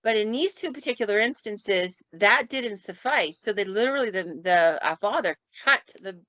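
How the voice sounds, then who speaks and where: A woman, a paranormal investigator, telling stories in a casual podcast chat and acting out sounds and quotes with lively flair. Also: mid-range voice, normal speed, dry recording. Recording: dull, dry lo-fi recording.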